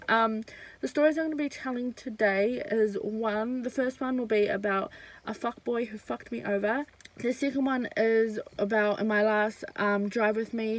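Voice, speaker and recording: A woman's voice: a little high, poor audio. A young woman, casually telling a storytime while eating, with lots of fillers. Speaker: vlogger. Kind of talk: storytime mukbang vlog.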